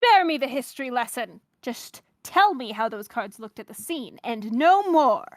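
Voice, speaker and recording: A woman's voice: on the high side, animated, brisk. A woman voicing a haughty, commanding man with a put-on transatlantic accent in a game playthrough. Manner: clipped, commanding, impatient.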